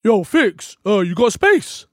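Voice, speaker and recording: A man putting on an eager male gamer friend who calls in with quick, upbeat greetings. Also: sits high, big pitch swings, fairly bright tone, dry recording, clean studio sound, exaggerated voice.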